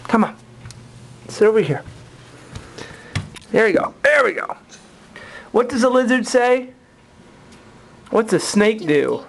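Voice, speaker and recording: A woman's voice: a little high, lively intonation, slow pace, pauses often, slight background noise. A woman in a home video, coaxing her toddler with sing-song baby talk, at home. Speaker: parent filming her toddler.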